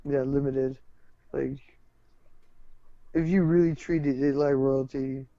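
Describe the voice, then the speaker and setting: A man's voice: mid-range voice, fairly even intonation, slow, warm tone, no echo, muffled recording. A man co-hosting a podcast in casual, profane chat who keeps pressing his questions. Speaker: podcast co-host.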